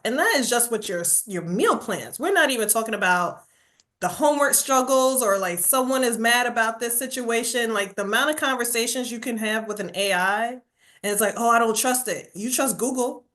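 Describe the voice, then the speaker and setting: A woman talking animatedly as a podcast guest, emphatic and quick to laugh. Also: fairly high pitch, fairly bright tone. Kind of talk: casual podcast conversation.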